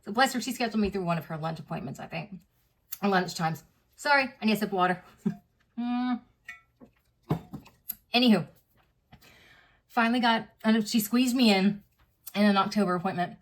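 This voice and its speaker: A woman in her thirties talks straight to her audience, candid and unpolished. Her pitch sits in an ordinary middle range for a woman. She keeps up a rambling, conversational flow, leaning on fillers and acting out snippets of what people said to her. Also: normal speed, pauses often. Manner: chatty and unpolished, full of fillers and reenacted dialogue. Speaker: vlogger. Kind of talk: candid personal storytelling to camera.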